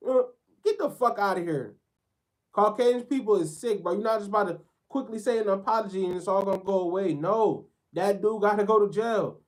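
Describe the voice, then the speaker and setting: A man's voice: high voice, a little fast. A man ranting in a sports commentary video, fired up and blunt. He talks in loose slang and swears freely. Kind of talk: heated sports commentary rant.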